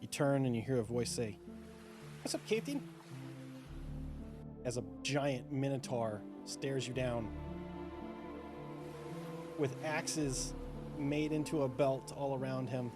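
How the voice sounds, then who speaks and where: Game master, male, relaxed descriptive narration, music bed. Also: mid-range voice, measured pace, pauses often. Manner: relaxed, descriptive, many fillers.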